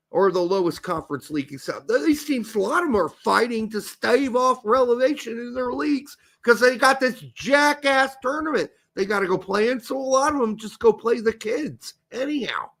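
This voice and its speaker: A man with a high, bouncing voice that swings widely in pitch. He co-hosts a casual soccer chat and talks in an animated, profane, rambling way. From born in the US, raised in Germany. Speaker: podcast co-host.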